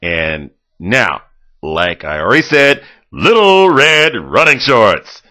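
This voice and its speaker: A boastful, overexcited storybook narrator, played by a man reading aloud, loud and rambling. His bright voice leaps high and swings all over its range. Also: very animated, takes it slowly, heavily acted. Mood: excited.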